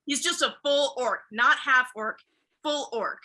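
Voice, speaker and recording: A woman narrating as game master, excitable and quick to laugh. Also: sits high, low-quality recording.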